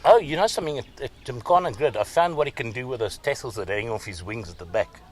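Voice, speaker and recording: Man, South African accent, teasing co-host, casual banter, mid-pitched voice. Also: expressive, quick pace. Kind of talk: casual chat.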